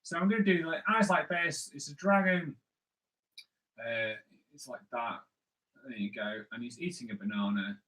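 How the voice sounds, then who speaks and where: A man's voice: mid-range voice, fairly even intonation, normal speed, fairly bright tone, poor audio. A man hosting a live drawing stream, chatting playfully with viewers and thinking aloud as he draws. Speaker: comic artist host.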